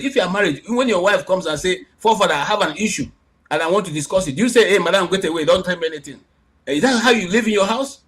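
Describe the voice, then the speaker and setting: A man with a Nigerian accent hosting a call-in debate, speaking emphatically, repeating his points and rising to near shouting when challenged. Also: sits high. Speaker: program host.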